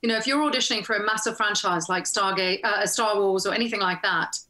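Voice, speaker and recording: A woman actress telling a casual story as an interview guest, animated and acting out the lines she quotes, over a video call. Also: medium pitch, quick pace. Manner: animated, laughs often, acts out quoted lines. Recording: roomy echo.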